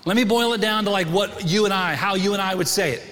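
A middle-aged man preaching a sermon to his congregation in a church, conversational and animated, often asking the room questions. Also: high-pitched, fast talker. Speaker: pastor. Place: church sanctuary. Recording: long hall reverb.

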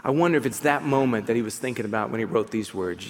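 A man preaching a sermon as a pastor, animated and building to fired-up exhortation. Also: fairly low pitch, fast, few pauses, in a large hall, a little hiss or hum.

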